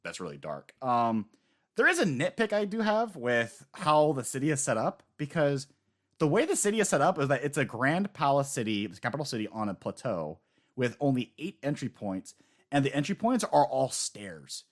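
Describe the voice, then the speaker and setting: Male co-host, talky and excitable, mid-pitched voice, casual podcast banter. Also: normal speed. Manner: rambling, animated, swears casually. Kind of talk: casual chat about manga chapters.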